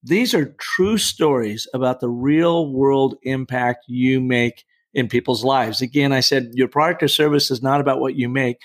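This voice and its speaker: Man, middle-aged, podcast guest, emphatic, persuasive, mid pitch. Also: normal speed. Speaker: storytelling coach and guest. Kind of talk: energetic podcast interview.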